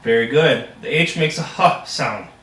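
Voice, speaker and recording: With a medium-pitched, slightly bright voice and lively intonation, a young man speaks a little slowly as he plays a reading tutor. The practice lesson is a role-play, and he's upbeat, encouraging and quick to praise. A distant mic picks him up in an echoey room.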